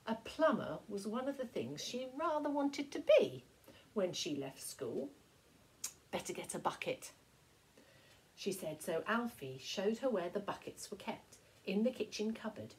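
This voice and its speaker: A woman teacher reads a picture book aloud to young children. She goes slowly and expressively, with a lively, sing-song rise and fall in her voice. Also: medium pitch, low-quality recording. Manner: expressive, slow storytelling. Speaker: primary school teacher.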